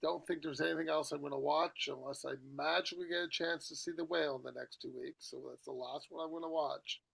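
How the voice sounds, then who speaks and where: A middle-aged man hosts a podcast in loose, rambling chat, hopping from topic to topic. His voice sits a little high with a gravelly, husky edge and a bright, forceful tone. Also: fairly even intonation, fast, poor audio. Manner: rambling and chatty, jumps between topics. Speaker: podcast host. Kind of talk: casual chat.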